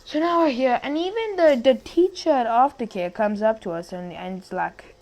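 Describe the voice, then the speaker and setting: This young woman's fairly high, slightly mellow voice runs at a normal speed with hardly any pauses as she tells a story in a loose, conversational way. She stumbles, restarts often and keeps slipping into side remarks.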